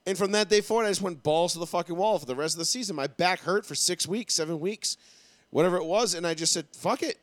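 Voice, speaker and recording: A young man co-hosting a casual chat show, swearing freely and telling stories with animated energy. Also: high voice, fast talker, dry recording. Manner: profane, animated storytelling. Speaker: podcast co-host.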